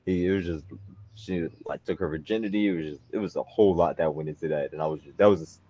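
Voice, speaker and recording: A young man in casual podcast chat, telling a bragging story and swinging into loud exclaiming. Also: low voice, fast, highs cut off.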